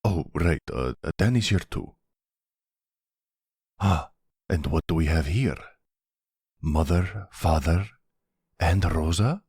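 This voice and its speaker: A playful young man, voiced by a man narrating as if keeping a log, in an ASMR boyfriend role-play. The voice is low and husky, the delivery slow and teasing. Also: expressive, a little mellow, dry recording, clean studio sound, full character voice. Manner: playful, mock-formal narrating. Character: young adult son, playful, filming a birthday.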